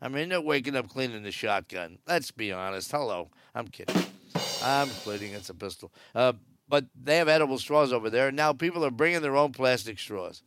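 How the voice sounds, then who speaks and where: A man's voice: medium pitch, animated, fairly quick, fairly bright tone. A man giving casual, wry cruise news commentary from aboard a ship, joking sarcastically. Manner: chatty and wry, jokes sarcastically.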